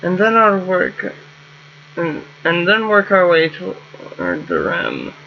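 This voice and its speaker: A man's voice: high-pitched, huge pitch swings, takes it slowly, vocal fry, muffled recording, slight background noise, heavily acted. A man reading aloud the lines of an earnest young woman starship crewmate in a plain voice with no accent.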